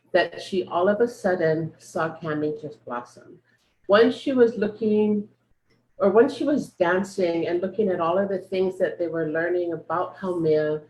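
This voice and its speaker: A woman tells a memorial story in a gentle, unhurried way. Her voice sits a little low. The recording has a roomy echo around it. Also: slight background noise. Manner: gentle, growing softer and quieter. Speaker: memorial speaker. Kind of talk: heartfelt storytelling.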